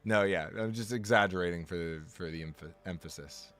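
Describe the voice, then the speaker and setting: Speaking in a low but fairly bright voice at normal speed, a man chats on a live game stream with faint music in the background. He's jokey, self-deprecating, and prone to exaggeration, rambling along and frequently restarting to correct himself.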